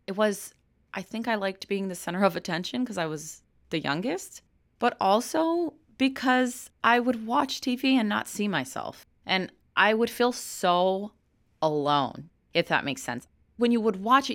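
A woman's voice: fairly low pitch, lively intonation, brisk, a bit bright, no room sound, clean studio sound. A young American woman from Chicago, an actress talking candidly in an interview and laughing often. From Chicago, United States. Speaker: actress, guest.

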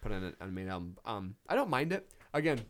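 Fast-talking man in casual music chat. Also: on the low side, big pitch swings. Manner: fast, chatty, many restarts and fillers. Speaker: podcast co-host. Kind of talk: casual chat about albums.

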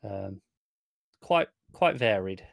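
A man co-hosting a podcast, talking in a measured, thoughtful and agreeable way during casual chat. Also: on the low side, expressive, dry recording, studio quality. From United Kingdom. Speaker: podcast co-host.

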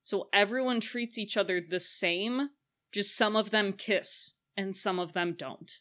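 Bright-voiced sarcastic woman reviewer. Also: mid-range voice, measured pace. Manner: sarcastic, acts out silly quoted voices. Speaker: podcast co-host. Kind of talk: casual chat, film review.

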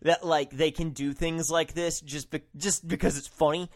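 A man's voice: on the high side, steady tone, moderate pace. A man co-hosting a casual podcast chat, easygoing and hedging, often laughing. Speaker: podcast co-host.

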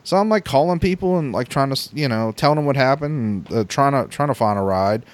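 A man spins a long personal story on a podcast, his voice rising and falling freely as he goes. He rambles, swears and trips over his own restarts. His pitch sits in the middle of a man's range. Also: expressive, brisk. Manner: rambling, profane, with many restarts and acted-out quotes. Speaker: podcast co-host telling a story. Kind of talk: casual storytelling.

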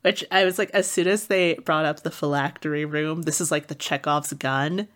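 Low-voiced woman chatting about a book. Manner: animated, acts out characters' lines in quick voices. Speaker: podcast co-host. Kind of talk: casual chat about a book.

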